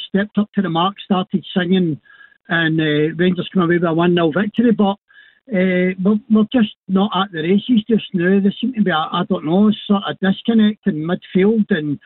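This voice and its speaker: A man calling into a radio phone-in, talking haltingly with many fillers. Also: high-pitched, fairly even intonation, no echo. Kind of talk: casual phone-in chat. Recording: tinny phone line.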